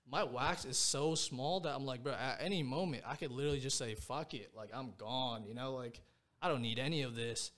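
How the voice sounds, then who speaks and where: Speaking a little fast in a mid-range, slightly bright voice, a young podcast guest recounts something from his own life. He wanders through the story casually, leaning on slang and constantly dropping "bro" and "like."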